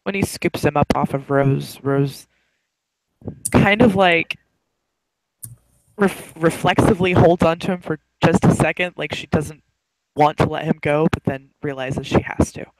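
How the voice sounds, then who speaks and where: Role-play player, male, gravelly and higher-pitched, measured narration. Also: no room sound, rough recording.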